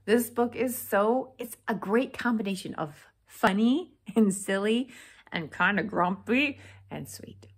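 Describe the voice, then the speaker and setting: A woman reading a children's picture book aloud, expressive and pointing out the pictures. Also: mid-range voice, unhurried, husky. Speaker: storybook reader.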